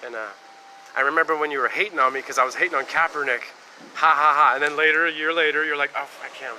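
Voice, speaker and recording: A man's voice: fairly high pitch, steady tone, fast, bright, forceful tone, a little hiss or hum, poor audio. A man from the United States talking on a live stream in a rambling, casual monologue that jumps between topics and swears freely.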